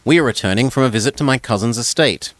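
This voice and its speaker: A man's voice: fast, a bit bright, no room sound, close to an everyday voice. A man voicing a refined young noblewoman, gracious and eager, while reading a gamebook aloud with voices. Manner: high, polite, courtly delivery.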